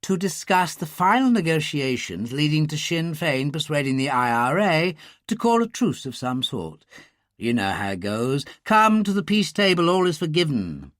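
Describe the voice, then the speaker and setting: Urbane male insider, read by a narrator, gossipy briefing manner, higher and lively. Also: normal speed, no echo, clean studio sound. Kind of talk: audiobook character reading.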